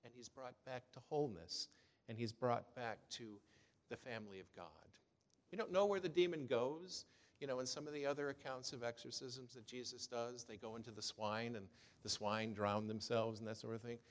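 A man's voice: mid-range voice, normal speed. A man preaching a sermon in a conversational way, with many "you know" fillers, in what sounds like a church. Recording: long hall reverb.

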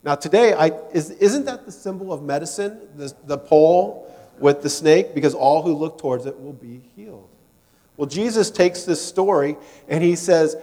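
Pastor preaching in a reverberant church. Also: male voice, on the high side, animated, moderate pace, mellow. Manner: conversational, asks questions of the congregation. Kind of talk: sermon. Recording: long hall reverb.

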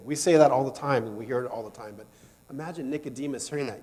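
A man's voice: mid-range voice, quick pace, darkish tone, breathy edge. A man preaching a sermon in a church, talking in a conversational way and asking the congregation questions. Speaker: pastor. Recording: long hall reverb.

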